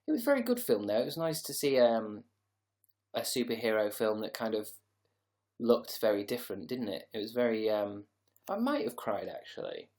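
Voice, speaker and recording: A man's voice: lowish voice, very animated, normal speed, darkish tone. Tired man rambling on a livestream. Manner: rambling, sarcastic, reads out chat comments. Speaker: livestream host. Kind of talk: casual livestream chat.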